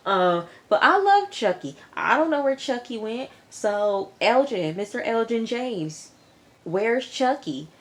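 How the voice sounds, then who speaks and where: A young woman who reviews TV on her vlog chats casually with viewers about an episode, laughing often and addressing the audience directly. Her voice is a little high and sing-song, and she takes her time.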